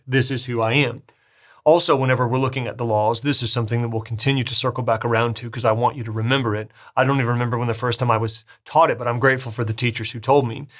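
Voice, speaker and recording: A man teaching a recorded Bible study lecture in a conversational way. He corrects himself mid-sentence and rises in pitch to stress key phrases. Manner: conversational, with restarts and self-corrections; emphatic, rising on key phrases.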